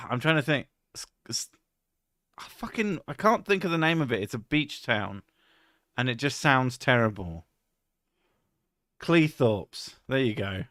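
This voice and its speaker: A man's voice: mid-range voice, lively intonation, slow pace, long pauses, fairly bright tone, no echo. Man, streamer, crude jokes, swearing, dry close mic. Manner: crude, joking, swears often. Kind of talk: casual chat.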